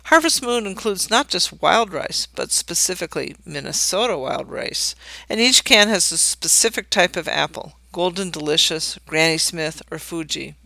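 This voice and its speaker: A man's voice: fairly high pitch, expressive, moderate pace, gravelly, sharp tone, no echo. A man reading a scripted essay aloud, with dry, wry humor and mock-grand readings of quoted text.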